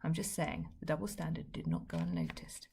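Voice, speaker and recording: Brief: woman storybook reader, low, raspy and gravelly, wry delivery. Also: big pitch swings, a little fast, warm tone, a little hiss or hum. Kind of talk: children's book reading.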